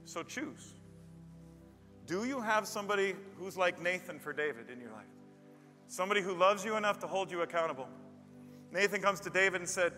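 A male pastor preaching a sermon in a church, telling stories emphatically and building to loud peaks. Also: high voice, expressive, a little fast, long pauses. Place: church with a live band. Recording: long reverb of a large hall. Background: faint band music.

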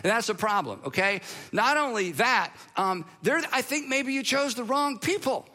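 A man's voice: extremely high pitch, lively intonation, moderate pace, sharp tone, long reverb tail, pitched above the performer's own voice, heavily acted. A man voicing an impatient divine father who scolds his son bluntly and with wisecracks. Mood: exasperated.

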